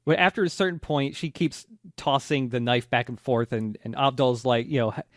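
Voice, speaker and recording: A man co-hosting a casual podcast, retelling scenes quickly and laughing often. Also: mid-range voice, no echo, clean studio sound. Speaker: podcast co-host. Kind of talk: casual recap chat.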